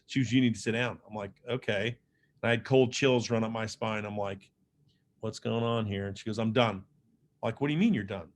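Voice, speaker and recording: A man's voice: on the low side, a little fast. A middle-aged man giving a motivational speech, telling his own story in an earnest, conversational way, with frequent fillers and restarts. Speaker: motivational speaker.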